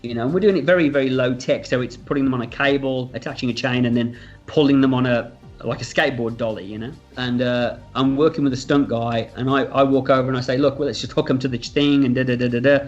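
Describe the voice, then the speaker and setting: A film director telling stories from the set in a casual, animated interview, acting out quotes and swearing freely. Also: male voice, mid-range voice, fast talker. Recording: slightly dull audio with faint music.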